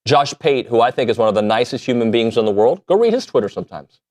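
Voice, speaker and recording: A man hosting a sports talk show, talking casually in an animated, joking way that pokes fun at himself. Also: medium pitch, fast. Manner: animated, self-deprecating, jokey. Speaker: sports radio host.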